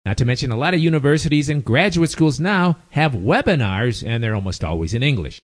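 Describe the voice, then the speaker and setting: This expat storyteller from the United States is an older man with a Chicago accent, and his mid-range voice comes across very animated and fairly quick. He spins a casual tale full of wry, chatty asides.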